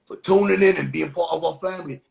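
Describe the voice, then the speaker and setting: A man hosting a casual livestream cooking class, talking in a goofy, playful way with mock-rough slang. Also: fairly high pitch, fast talker.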